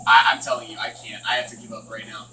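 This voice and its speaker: A man's voice: medium pitch, flat delivery, fast talker, pushed and bright, distant mic, slight background noise. A man giving nervous, joking commentary while he plays a horror game. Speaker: gaming channel host. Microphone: distant from the mic. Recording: echoey room, voice off the mic.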